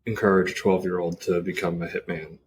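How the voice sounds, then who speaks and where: A somewhat low-voiced man on a film podcast, trading dry, wry comments in relaxed chat. A faint hum of noise sits under his voice. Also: a little fast. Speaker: podcast co-host. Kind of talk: casual film discussion.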